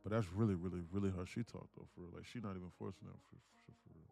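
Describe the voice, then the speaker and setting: Joking slangy trading stream host. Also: male voice, sits low, fairly even intonation, creaky, mellow, breathy edge, soft background music. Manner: loose, joking, slangy banter with quick restarts. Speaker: day trading livestream host. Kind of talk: casual livestream chat.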